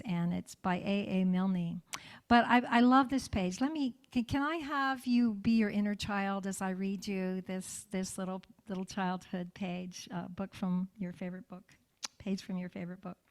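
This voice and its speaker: A woman pastor giving a sermon in a church in a warm, conversational way, often checking in with her listeners. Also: mid-range voice, steady tone, normal speed.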